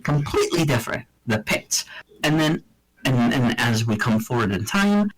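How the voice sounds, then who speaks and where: A man's voice: medium pitch, very animated, normal speed, poor audio. A man co-hosting a casual chat show, rambling through a story with swearing and mock accents. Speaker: podcast co-host. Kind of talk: casual banter.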